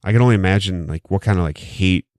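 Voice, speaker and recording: Low-pitched and quick, with a darkish tone and no echo, this podcast host talks close to a studio mic. The chat is casual, rambling and jokey, packed with swearing.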